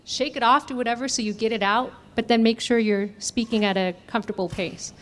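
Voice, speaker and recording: A woman's voice: fairly high pitch, fairly even intonation, fairly quick, fairly bright tone, slight background noise. A woman running a communication workshop, asking the audience questions and demonstrating voice techniques. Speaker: communication trainer. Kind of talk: interactive workshop teaching.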